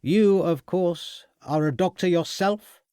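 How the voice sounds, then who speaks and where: A man's voice: medium pitch, animated, moderate pace, darkish tone, dry recording, studio quality, lightly acted. A man doing a haughty, irritable schoolmaster. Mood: irritated. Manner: curt and irritated.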